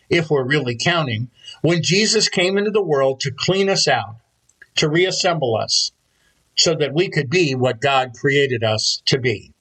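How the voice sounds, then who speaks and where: Husky-voiced man preaching a sermon. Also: medium pitch, pushed and bright, poor audio. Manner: measured storytelling preacher. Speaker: pastor.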